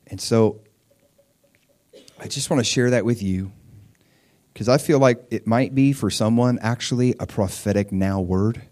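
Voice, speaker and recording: A man's voice: on the low side, dark tone. A middle-aged man preaching a conversational sermon, earnest and emphatic, often repeating and restarting words.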